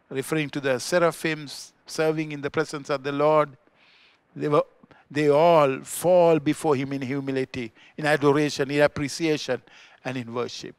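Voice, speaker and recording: This Sri Lankan-accented pastor gives his church sermon in a fairly high, smooth voice, keeping a measured pace and fairly even intonation. His delivery alternates between booming, emphatic peaks and hushed, low remarks, captured close and dry with almost no reverb.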